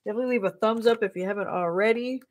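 A woman's voice: mid-range voice, rapid-fire, background noise. A woman streaming live, bubbly and chatty, greeting viewers as she opens trading card packs. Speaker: streamer opening trading cards.

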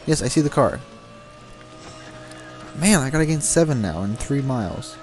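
Commenting on a racing game he's playing, this young man has an expressive, medium-pitched voice with a darkish tone, a moderate pace, and frequent pauses. He swears and grumbles at the cars in frustration, talking to the game over its music and car sounds.

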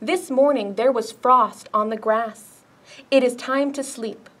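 A woman reading as a calm little snail. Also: fairly high pitch, slow. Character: small slow snail, calm and polite.

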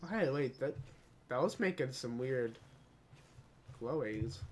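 A gaming video creator doing let's play commentary, talking to the game and breaking into dramatic shouts and cries. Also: medium pitch, animated, takes it slowly.

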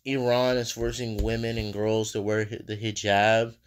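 A man's voice: on the low side, little pitch movement, moderate pace, a little hiss or hum. A man hosting a reaction video, musing aloud in a rambling, casual way with lots of fillers.

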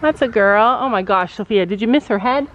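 A woman's voice: on the high side, brisk, dull audio, a little hiss or hum. A woman vlogging as a mother at a horse barn, talking in a chatty, encouraging, rambling way. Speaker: vlogger mom. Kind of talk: casual family vlog at a horse barn.

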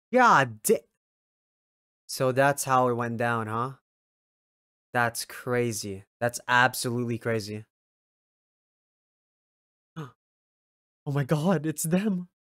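A young man giving casual reaction commentary while watching an anime episode. He swears often and breaks into loud, excited yells. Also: medium pitch, dry recording, clean studio sound.

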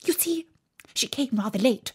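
A woman voicing a timid, anxious male rabbit who speaks in a low, hurried whisper. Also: expressive, breathy edge, full character voice. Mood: nervous, hushed. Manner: hushed, nervous, whispering.

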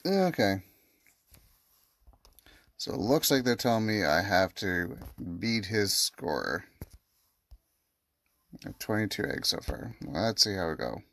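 Slow, gravelly man playing a game. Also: lowish voice, big pitch swings, fairly bright tone, dry recording. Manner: reads in-game chat messages aloud. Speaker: gaming channel host. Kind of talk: let's play commentary.

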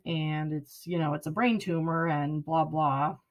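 A woman's voice: low-pitched, steady tone, moderate pace. Earnest woman in her thirties, near tears. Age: 30s. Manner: earnest, rambling, close to tears. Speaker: vlogger. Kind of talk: emotional personal vlog.

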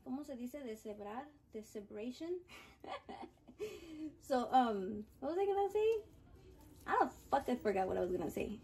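A woman's voice: a little high, big pitch swings, moderate pace, pauses often, mellow. A brash woman chatting in a casual cooking vlog from her home kitchen, swearing constantly and mixing in Spanish words. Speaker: home cook vlogger.

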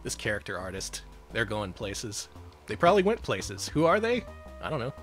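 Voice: mid-range voice, very animated, moderate pace, a bit bright, faint music behind. A streamer playing a retro game live, wry and jokey, yelping at the action. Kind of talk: casual gaming stream commentary.

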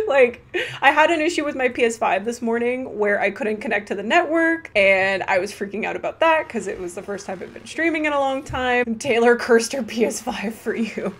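Young woman, gaming stream host: fairly high, bubbly, giggly, excitable with chat. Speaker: livestream host. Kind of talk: casual live-stream chat while gaming.

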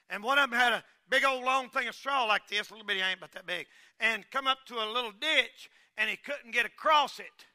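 A man preaching a folksy sermon as pastor, swinging between shouted lines and quiet asides. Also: extremely high pitch.

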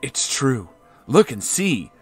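A man's voice: mid-range voice, very animated, slow pace, husky, no echo, soft background music, full character voice. A man voicing a fussy, worried male cartoon pet owner in an overwrought, frantic manner. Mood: anxious.

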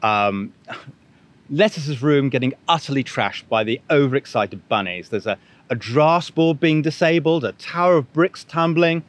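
A man's voice: medium pitch, a little slow. A man reading a children's picture book aloud with enthusiastic commentary. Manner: lively, enthusiastic, expressive. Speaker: bookshop reader.

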